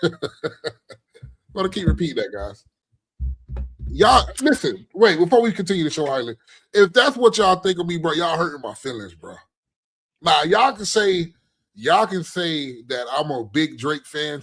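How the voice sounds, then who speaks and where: Male co-host, casual chat, a touch raspy, a little higher voice, relaxed delivery. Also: moderate pace. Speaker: podcast co-host. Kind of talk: casual podcast banter.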